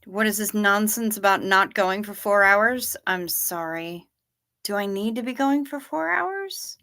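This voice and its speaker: A woman's voice: mid-range voice, animated, unhurried, bright, forceful tone. A woman hosting a livestream from home, chatting casually with viewers in a rambling way and trailing off often, a little sleepy and yawning. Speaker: livestream host. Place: at home, in her chair.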